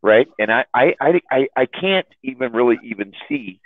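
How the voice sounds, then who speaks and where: A man with an animated, mid-range voice tells long, rambling stories to a chat room at a moderate pace, laughing often and stumbling over and repeating his words. The sound is dry and tinny, like a phone line.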